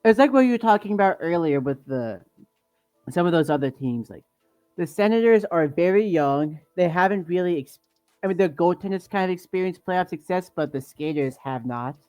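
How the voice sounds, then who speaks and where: A man co-hosting a live sports stream, breaking down matchups in a measured, analytical way. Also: on the high side, darkish tone, dry recording. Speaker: sports show co-host.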